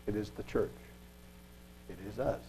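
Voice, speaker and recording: A man preaching a sermon, reading scripture aloud and asking rhetorical questions, earnest with quiet asides. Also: on the low side, measured pace, slight background noise, low-quality recording.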